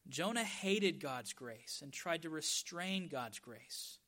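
A man preaching a sermon as pastor, stressing key words by drawing them out slowly. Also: on the high side, animated, a bit bright.

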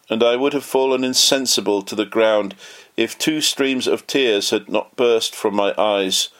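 A man reading a memoir aloud in an earnest, measured way, lightly voicing the quoted lines. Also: mid-range voice, a bit bright. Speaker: audiobook narrator.

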